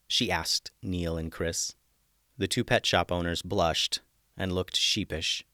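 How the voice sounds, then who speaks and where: A man hosting and narrating a children's adventure story with an expressive read-aloud manner. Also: deep voice, measured pace, no room sound, clean studio sound. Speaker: storyteller host.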